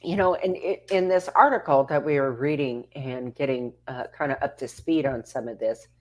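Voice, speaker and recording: A woman's voice: very deep voice, moderate pace. A woman co-hosting a casual talk show, backing up her partner with frequent affirmations. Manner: supportive, frequent affirming interjections. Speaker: co-host.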